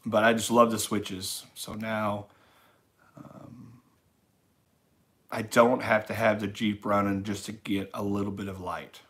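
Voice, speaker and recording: A man's voice: lowish voice, level tone, unhurried, long pauses, fairly bright tone. A man hosting a casual late-night livestream, rambling easily and reading viewers' chat messages aloud. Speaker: livestream host. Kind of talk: casual live-stream chat reading comments.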